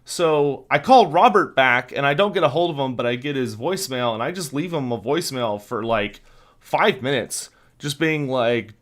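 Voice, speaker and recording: A man's voice: medium pitch, moderate pace. A young man hosting a casual livestream, telling a long rambling story full of fillers and restarts. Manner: rambling storyteller, many fillers, animated retelling. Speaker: livestream host.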